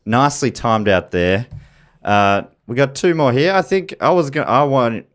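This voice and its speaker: A man's voice: medium pitch, animated, moderate pace, a bit bright. A man hosting a comedy podcast, rambling through plugs with lots of fillers. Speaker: podcast host. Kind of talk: casual comedy podcast chat.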